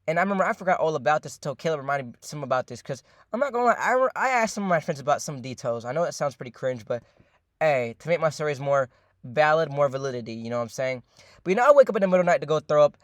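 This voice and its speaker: A young man telling a long, rambling story in a casual, profane way, full of fillers and repeats, often addressing his listeners as ladies and gentlemen. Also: a little high, animated, racing, no room sound.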